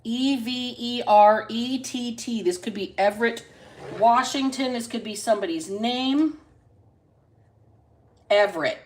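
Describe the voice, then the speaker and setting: A woman hosting a casual live-stream reading into a phone, chatty and salty, stretching out single words between quick asides. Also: a little high, a little hiss or hum. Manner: chatty, drawls single words then talks fast. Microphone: phone camera.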